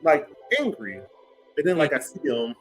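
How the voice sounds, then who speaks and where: A man in his thirties hosting a casual podcast from a home setup, his voice sitting fairly high for a man. He tells stories in an animated way, full of fillers, and laughs easily, with faint music behind him. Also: normal speed, poor audio. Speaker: podcast host. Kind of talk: casual chat. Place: home studio with big lights.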